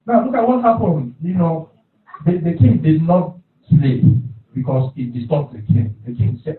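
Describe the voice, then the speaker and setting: A man's voice: mid-range voice, expressive, moderate pace. A man preaching a sermon, repeating his phrases and calling for responses from the congregation. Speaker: pastor. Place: church hall. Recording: echoey hall, distant, phone-like.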